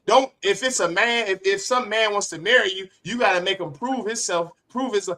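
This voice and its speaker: Male preacher leading a class, fairly high bright tense voice, fiery and rhetorical. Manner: impassioned, rhetorical, sharp swings in loudness. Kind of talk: street-preacher sermon.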